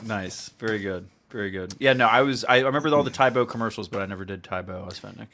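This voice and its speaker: Fast-talking male co-host in his thirties, dry teasing sidekick. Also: on the low side, bright, forceful tone, a little hiss or hum. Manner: quick, teasing, wry. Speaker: talk show co-host. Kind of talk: casual live talk show banter.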